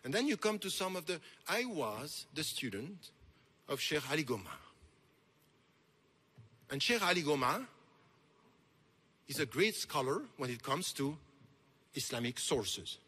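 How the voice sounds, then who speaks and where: A man's voice: a little high, big pitch swings, unhurried, pauses often, husky. A man, giving an impassioned, emphatic conference lecture. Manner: impassioned, emphatic, rising to forceful peaks. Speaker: speaker. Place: large lecture hall.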